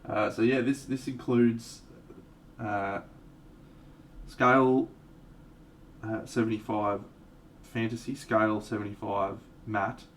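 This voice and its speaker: A man's voice: on the low side, slow. A man streaming live, talking casually and a little self-mockingly as he paints miniatures and explains his colours. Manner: relaxed, rambling, self-mocking asides. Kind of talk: casual live tutorial talk. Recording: distant mic with faint background noise.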